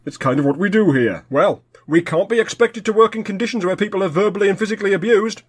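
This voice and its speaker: A man's voice: high voice, fast, breathy edge. A man playing a fussy, indignant worker who keeps quoting the employee handbook. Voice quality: pedantic, indignant. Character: fussy rule-quoting male clock worker. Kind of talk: sketch comedy acting.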